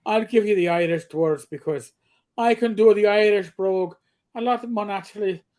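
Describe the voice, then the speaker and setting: A co-host in casual chat, joking with quick banter. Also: mid-range voice, a little mellow. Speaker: livestream co-host.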